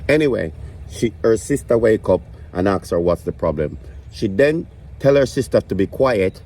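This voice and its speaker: A man's voice: lowish voice, dark tone. A man telling a stand-up story about his grandma, swearing and ranting in exasperation. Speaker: comedian.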